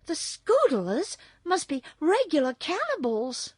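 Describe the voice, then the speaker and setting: A woman's voice: high-pitched, wildly swooping pitch, slow, darkish tone, no echo, clean studio sound, pitched above the performer's own voice, exaggerated voice. A woman reading a storybook, voicing a brave little girl who comforts her friends. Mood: frightened.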